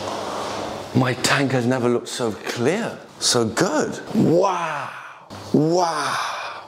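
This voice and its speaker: A young man, hosting a casual vlog and telling stories in an animated, slangy way. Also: medium pitch, very slow, background noise. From England. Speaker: vlog host. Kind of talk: casual vlog chat and storytelling.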